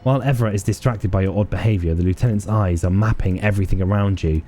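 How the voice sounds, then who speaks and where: A man reading game narration aloud during a playthrough, with a wry, expressive delivery. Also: lowish voice, fast, faint music behind. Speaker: video game player and narrator.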